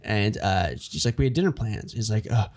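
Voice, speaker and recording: Rambling man pitching a story. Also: animated, normal speed, a little mellow. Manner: rambling, many fillers and restarts, acts out lines. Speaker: writer pitching a story idea. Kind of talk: casual brainstorming chat.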